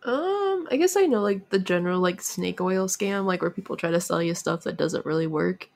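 A woman's voice: lowish voice, animated, moderate pace, gravelly, a little mellow. A young woman with a Midwestern accent, co-hosting a casual podcast in an easygoing way, laughing often and leaning on filler words. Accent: Midwestern American. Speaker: podcast co-host. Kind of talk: casual chat.

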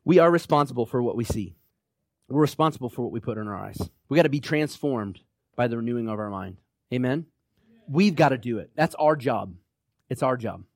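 A man's voice: mid-range voice, lively intonation, a little fast, no echo, clean studio sound. A middle-aged male pastor preaching a sermon in a conversational way, often checking in with rhetorical questions.

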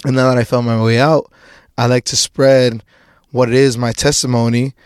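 A man's voice: medium pitch, level tone, normal speed, smooth, dry recording, studio quality. A young man hosting a podcast, talking through a casual personal monologue in a rambling way, with many restarts and casual swearing. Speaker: podcast host.

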